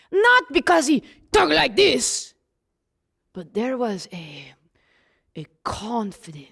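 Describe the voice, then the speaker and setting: Using a full character voice that is high, gravelly and fairly bright, a woman performs as the apostle John. She retells his days with Jesus in first person and addresses questions directly to listeners, as a storyteller in character.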